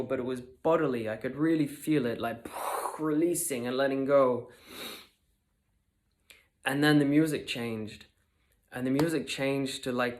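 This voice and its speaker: Earnest young man telling a story. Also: medium pitch. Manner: earnest, confessional, many fillers like "you know" and "like". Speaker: vlogger. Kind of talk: personal storytelling monologue.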